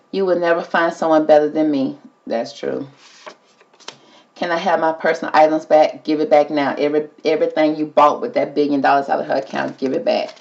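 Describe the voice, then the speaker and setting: In a low, darkish voice with vocal fry, a woman hosts an easygoing tarot session, chatting with the cards and calling everyone "girl." The audio is dull.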